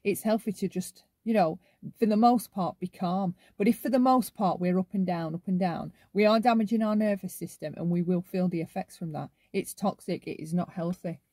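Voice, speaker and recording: A woman's voice: fairly low pitch, moderate pace, warm tone, no room sound. A woman hosting a casual commentary monologue, often ending her points with "right?". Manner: talks in long runs, ends many lines with "right?". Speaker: commentary channel host.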